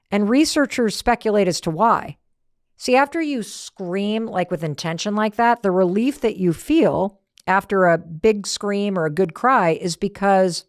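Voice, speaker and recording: Middle-aged woman host, mid-pitched voice, emphatic and repetitive, close dry studio sound. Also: no room sound. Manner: emphatic, storytelling with punchy repetition. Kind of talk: motivational podcast talk.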